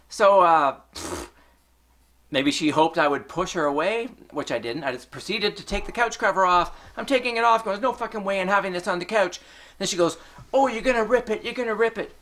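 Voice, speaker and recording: A middle-aged Canadian man vents to his vlog, telling a personal story as a heated rant packed with swearing. His voice is slightly high with a sharp edge.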